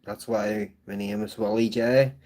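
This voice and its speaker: A man's voice: lowish voice, fairly even intonation, measured pace, a little mellow. A man with a Belfast accent hosting a casual live-stream chat from home, rambling along with tags like "so it is". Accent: Belfast, Northern Irish. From Northern Ireland. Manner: rambling and chatty, with tag phrases like "so it is". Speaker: livestream host.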